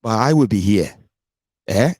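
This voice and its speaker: A Nigerian man giving scornful political commentary, mixing English, Yoruba and pidgin, swinging from low grumbling to loud outbursts. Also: animated, measured pace, no room sound, studio quality.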